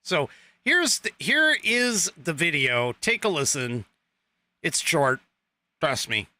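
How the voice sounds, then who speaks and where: Man, podcast host, casual political commentary, bright tense voice, rambling, sarcastic asides, close mic. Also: on the high side, big pitch swings, takes it slowly, no echo. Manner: rambling with many fillers and restarts.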